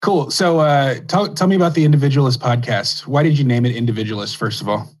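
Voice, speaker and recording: A man hosting an interview who speaks quickly, at a middle pitch. He puts his questions in a plain, direct way. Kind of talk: casual interview.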